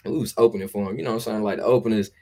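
A man's voice: fairly low pitch, racing, mellow. A man chatting as a podcast guest, telling loose, profane stories in a laid-back way. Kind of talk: casual storytelling chat.

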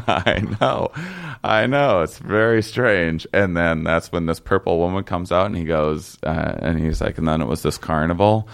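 Deep, gravelly young man rambling a story. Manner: rambling, halting, many fillers and restarts, laughs while telling. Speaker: guest telling a story. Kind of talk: casual storytelling chat.

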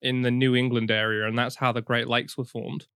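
A man's voice: mid-range voice, level tone, a little fast, fairly bright tone, clear, resonant tone, no echo, studio quality. A man co-hosting a casual podcast, joking and bantering playfully. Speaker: podcast co-host.

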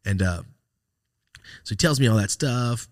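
A man's voice: on the low side, a little slow, dry recording, clean studio sound. A man hosting a podcast, telling a rambling personal story in casual, profane talk and acting out the texts he quotes. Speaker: podcast host.

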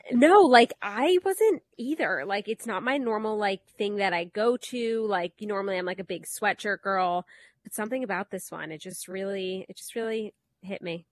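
A woman co-hosting a casual book club podcast, relaxed and emphatic, with many fillers. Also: mid-range voice, moderate pace, no room sound. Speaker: podcast co-host.

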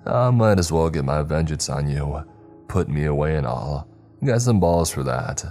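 A man voicing a bitter, vengeful male killer who taunts and shouts. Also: extremely low pitch, expressive, normal speed, faint music behind. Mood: taunting.

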